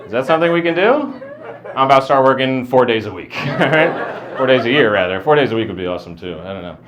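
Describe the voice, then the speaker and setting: A young man doing a stand-up set on a club stage into a handheld mic, rambling with self-mocking asides and pauses for punchlines. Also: medium pitch, crowd noise. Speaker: stand-up comedian. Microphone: handheld wired mic. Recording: live club audience laughter.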